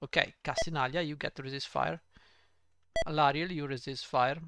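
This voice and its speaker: A man's voice: a little high, steady tone, moderate pace, a bit bright, clean tone, no room sound, clean studio sound. A man hosting a let's play, giving casual, jokey gameplay commentary and talking to himself.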